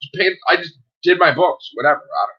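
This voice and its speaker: A man's voice: on the high side, brisk, husky, muffled recording. A man, a self-published author, chatting casually on a livestream, swearing and acting out what people said. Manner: animated storyteller, swearing, acting out dialogue.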